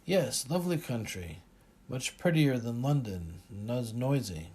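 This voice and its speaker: A man voicing a calm, earnest driver born in Cameroon in an audiobook, speaking politely and in a measured way. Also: mid-range voice, breathy edge.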